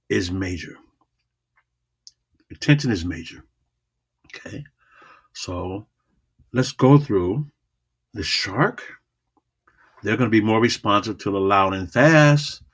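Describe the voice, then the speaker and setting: A man teaching a public speaking lesson, emphatic and repetitive, swinging between loud and soft delivery. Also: on the low side, breathy edge. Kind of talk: coaching lesson to a class.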